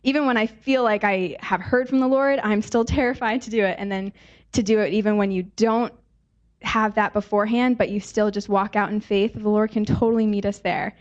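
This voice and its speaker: A woman's voice: mid-range voice, steady tone, fairly quick, highs cut off. A young woman in her twenties giving a casual, chatty testimony in a church service, with frequent fillers. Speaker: church speaker sharing testimony. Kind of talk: testimony in a sermon.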